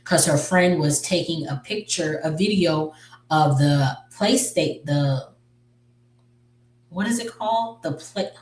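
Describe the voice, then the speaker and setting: A woman retells the plot of a movie casually, wandering through it with plenty of fillers and self-corrections. Her voice is low, slow and somewhat dark, picked up by a distant mic in a roomy space.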